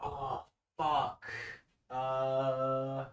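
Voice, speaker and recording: A man's voice: medium pitch, monotone, very slow, clear, resonant tone. A man streaming a game, chatting casually and jokily, swearing freely as he rambles. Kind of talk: casual gameplay commentary.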